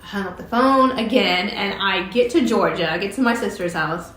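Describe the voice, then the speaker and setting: A woman's voice: mid-range voice, normal speed, fairly bright tone. A woman casually telling a personal story, chatty and often laughing as she recounts conversations. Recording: roomy echo with faint ambience.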